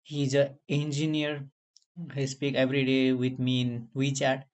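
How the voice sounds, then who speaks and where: A man with an Indian accent talks English as a second language in a relaxed chat. He sounds earnest and encouraging, and his grammar is plainly non-native. His voice sits at an ordinary middle pitch. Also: measured pace. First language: not English. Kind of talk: casual language-exchange chat.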